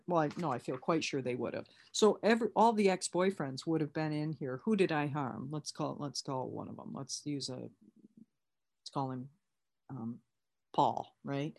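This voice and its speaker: Woman, lowish voice, candid, conversational, recovery workshop leader. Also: normal speed, a little mellow. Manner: candid, conversational, many restarts. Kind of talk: online workshop teaching.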